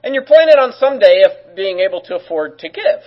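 A man's voice: sits high, sing-song, brisk, highs cut off. A man preaching as a pastor, in a conversational way with joking asides. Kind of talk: sermon.

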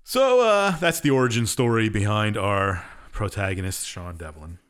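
A podcast co-host with a lowish, smooth, slightly bright voice talks animatedly at normal speed. He's casually retelling a game's story, rambling and offhand, leaning on fillers and shrugging asides.

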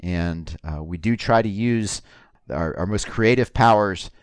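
A man co-hosting a comedy podcast, introducing segments in a mock-formal, deadpan way. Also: low-pitched, measured pace, clear, resonant tone, no echo. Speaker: podcast co-host.

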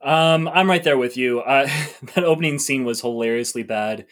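A man's voice: medium pitch, moderate pace, a bit bright. A man co-hosting a podcast, giving a casual, wry take on a film with hesitant restarts. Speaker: podcast co-host. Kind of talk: casual film review chat.

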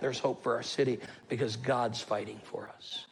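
A man in his forties preaching a sermon as pastor, energetic and calling the congregation to answer back, with humorous storytelling. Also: medium pitch, moderate pace, vocal fry, hardly any pauses, slightly rough. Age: 40s. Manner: energetic, calls congregation to respond.

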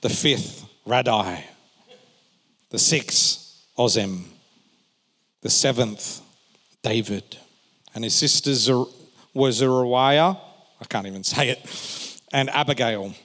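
A male pastor preaching a sermon, swinging between emphatic raised phrases and quiet, joking asides to the congregation. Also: medium pitch, slow pace, long pauses. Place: church hall. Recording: long reverb of a large hall.

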